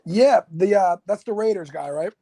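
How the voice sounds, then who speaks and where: A man's voice: high voice, expressive, moderate pace, dark tone. A man calling into a casual talk show, giving blunt, short answers. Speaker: guest caller. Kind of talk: casual live show chat.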